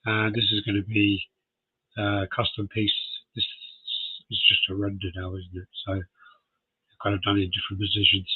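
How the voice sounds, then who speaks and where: American man, low husky voice, thin phone-line sound, relaxed podcast banter. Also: normal speed. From United States. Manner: chatty, laughs often, reads out specs. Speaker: podcast co-host. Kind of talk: casual chat.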